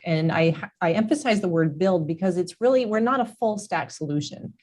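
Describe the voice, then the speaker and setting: A woman's voice: medium pitch, lively intonation, moderate pace, darkish tone. A woman executive, a guest in a tech business interview, explaining her company's approach fluently.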